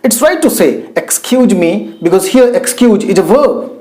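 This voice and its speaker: A man teaching pronunciation, saying words slowly in pairs to contrast right and wrong forms. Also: sits high, very animated, a little mellow. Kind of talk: slow, deliberate pronunciation lesson. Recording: echoey room.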